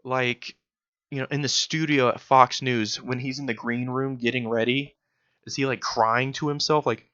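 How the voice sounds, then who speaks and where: A man's voice: mid-range voice, fairly even intonation, moderate pace, bright, forceful tone. Snarky young guy ranting in a commentary video, lots of uhs and likes, muffled lo-fi sound. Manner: sarcastic, mocking, full of fillers. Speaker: political commentator. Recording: dull lo-fi recording.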